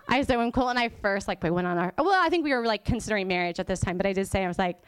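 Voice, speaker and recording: A woman's voice: medium pitch, big pitch swings, fast. A woman giving a sermon in a chatty, informal way, laughing often and dropping to a whisper to make a point. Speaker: guest church teacher. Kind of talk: conversational sermon.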